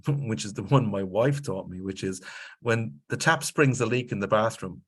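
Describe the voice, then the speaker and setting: A man's voice: on the low side, lively intonation, moderate pace, breathy edge. A man with an Irish accent, presenting an instructional webinar as a grants consultant, emphatic and lecturing, often checking in with his audience.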